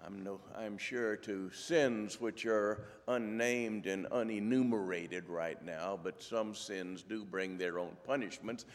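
Slow, deliberate man in a reverberant hall. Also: on the low side. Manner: measured, deliberate reading. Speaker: church lay speaker. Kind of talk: scripture reading and anecdote.

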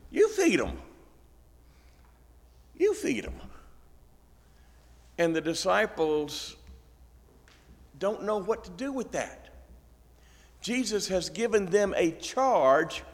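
A man's voice: on the high side, in a large hall. A male pastor preaching a sermon, telling the story with folksy, joking asides.

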